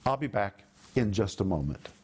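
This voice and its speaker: A man hosting a televised Bible teaching, speaking emphatically and slowing down to stress key words. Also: on the low side, sing-song, music in the background. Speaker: Bible teacher and program host.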